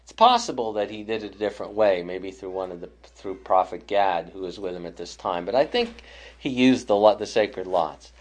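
A man leading a Bible study class, explaining scripture thoughtfully with frequent pauses and restarts. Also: lowish voice.

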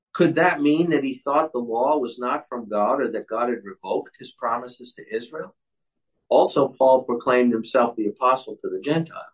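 A man's voice: mid-range voice, rough recording. A man leading a Bible study, explaining a passage in an earnest way with frequent restarts.

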